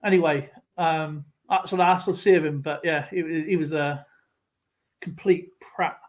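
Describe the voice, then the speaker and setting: A man's voice: a little high, steady tone, measured pace, highs cut off. A man hosting a live stream, telling a rambling story and acting out what other people said, with laughs along the way. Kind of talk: casual storytelling chat.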